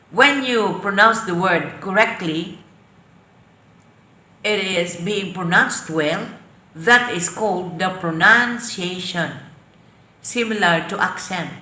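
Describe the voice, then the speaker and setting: A woman with a Filipino accent teaching an online English class, defining terms slowly and then explaining them. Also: fairly low pitch, pushed and bright, echoey room. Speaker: lecturer.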